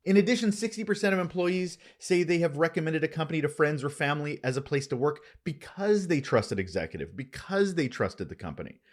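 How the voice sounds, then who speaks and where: A man's voice: on the high side, brisk, hardly any pauses. A man hosting a workplace podcast, introducing his guest with playful asides. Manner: lively, playful delivery with asides. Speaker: podcast host. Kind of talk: podcast interview.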